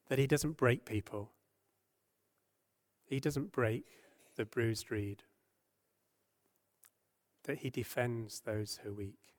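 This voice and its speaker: A man preaching a sermon, earnest and gentle, asking rhetorical questions and dropping his voice and slowing down when he quotes scripture. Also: mid-range voice. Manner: softens and slows when quoting scripture.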